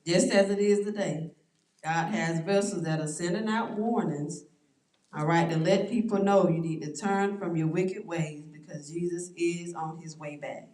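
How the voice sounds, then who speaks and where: A woman teaches a church Bible study in a slow, unhurried voice that sits a little low. She stretches out the scripture she reads and leans on key words, checking in with "all right" as she goes. She is heard from a distance in a roomy, echoing church room. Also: steady tone, darkish tone. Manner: slow, drawn-out scripture reading with stressed words. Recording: roomy echo, distant mic.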